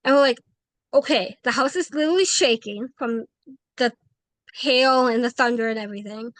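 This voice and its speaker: Brief: woman guest, fairly high voice, chatty storyteller who acts out every quote, dry close sound. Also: normal speed, no room sound. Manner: animated, acts out quoted dialogue, frequent "like". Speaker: paranormal investigator, guest. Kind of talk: casual interview storytelling.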